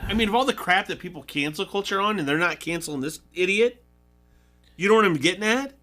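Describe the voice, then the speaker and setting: A man's voice: high-pitched, lively intonation, quick pace, sharp tone, faint music behind. A middle-aged man hosting a sports talk radio show, in casual, rambling and indignant banter.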